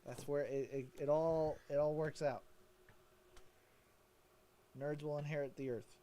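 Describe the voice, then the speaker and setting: A man's voice: a little high, fairly even intonation, measured pace, dark tone. A man co-hosting a comic shop live-stream sale, laid-back and throwing in goofy side comments. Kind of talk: casual banter.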